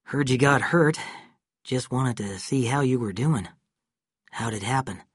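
A stern young lawman, as a male narrator reads him, firing firm, pressing questions. His delivery is slow and slightly husky, recorded close and dry. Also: mid-range voice, no room sound.

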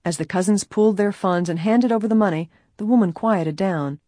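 A woman narrating an audiobook in a steady, even storytelling manner. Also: medium pitch, a little fast, no room sound, studio quality. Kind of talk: scripted narration.

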